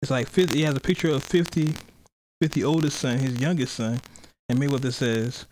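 Guy hosting a podcast, rambly, curses a lot, laughs while he talks, normal pitch. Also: steady tone, fairly quick, darkish tone, poor audio. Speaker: podcast host. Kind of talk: casual chat.

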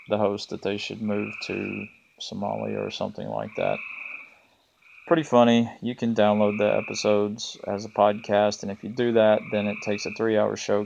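A laid-back man with a Southern US accent hosts a casual solo podcast, pausing often on ums and restarts. His voice is low and gravelly with a fairly flat melody. The recording is dull and lo-fi, with faint noise and frogs croaking in the background. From American South. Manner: relaxed, laid-back, halting with many ums. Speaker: podcast host. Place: front porch of an off-grid cabin.

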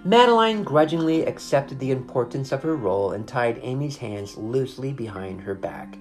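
Brief: woman storyteller, deep voice, lively intonation, faint music underneath. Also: normal speed, few pauses. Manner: expressive, animated reading. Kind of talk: storybook reading.

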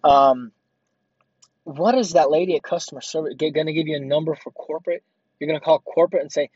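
A man's voice: on the high side, steady tone, fast, a little mellow, slightly rough, no room sound. Rambling sarcastic man ranting, lo-fi. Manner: rambling, sarcastic, many fillers. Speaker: grocery store worker. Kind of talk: casual rant. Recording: dull lo-fi dry audio.

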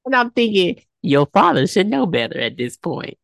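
A woman's voice: mid-range voice, big pitch swings, moderate pace, gravelly. A woman co-hosting a podcast, reacting expressively and chiming in with agreement during a casual TV recap. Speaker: podcast co-host.

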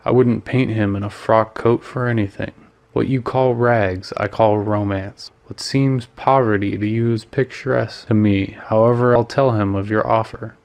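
A man's voice: on the low side, steady tone, moderate pace, darkish tone, lightly acted. A man reading the part of a witty, worldly male painter who teases his friend and slips in French phrases. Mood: amused. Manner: breezy, teasing, lightly sprinkles French phrases.

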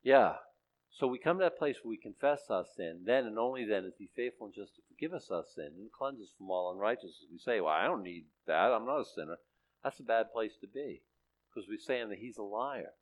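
A man's voice: on the low side, animated, fairly quick. A man preaching a sermon as pastor, conversational and plain-spoken, rising to emphatic peaks.

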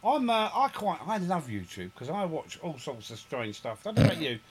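A man in casual podcast chat, telling stories in a rambling, animated way with frequent restarts. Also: on the high side, normal speed, slightly rough.

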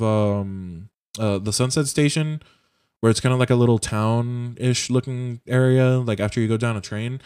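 A man's voice: medium pitch, darkish tone, smooth, no echo, studio quality. A young man in casual chat on a voice call, rambling through a video game plot with swearing and lots of fillers. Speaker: podcast co-host. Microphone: home mic on a voice call.

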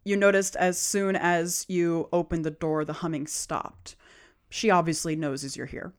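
A woman narrating a tabletop game as game master, describing scenes in an unhurried, descriptive way. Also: fairly low pitch, steady tone.

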